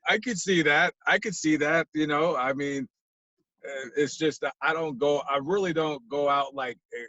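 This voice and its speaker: A man telling a story as a podcast guest, acting out voices and swinging from loud outbursts to low mumbles. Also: moderate pace, no echo, highs cut off. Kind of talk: animated storytelling. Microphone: podcast mic.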